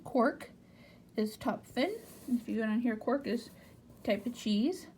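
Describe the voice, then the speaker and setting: In an unhurried, mellow voice that sits on the high side with lively intonation, an American woman from the United States reads German from a textbook and explains each word plainly in English. There's faint background noise.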